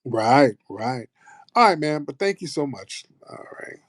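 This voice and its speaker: American man, casual host, profane teasing banter, mid-pitched, dry close sound. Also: sing-song, a little slow, no room sound. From United States. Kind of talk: casual live-stream chat.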